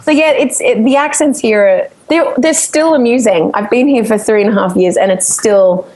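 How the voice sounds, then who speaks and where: An Australian woman, a singer and vocal coach, telling stories in a chatty, animated way during a casual interview. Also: fairly high pitch, moderate pace, rough recording. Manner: chatty, animated storytelling with frequent laughter.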